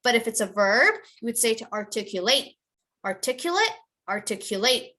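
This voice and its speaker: Bright-voiced woman teacher drilling words. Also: on the high side, fairly even intonation. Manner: repeats each word slowly, coaxing students by name. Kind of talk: online class drill.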